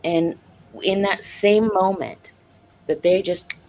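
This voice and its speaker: A woman's voice: medium pitch, takes it slowly, slight background noise. A woman guest, an author and researcher, telling a personal story in an interview and acting out what was said. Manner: animated, acts out quoted dialogue, earnest.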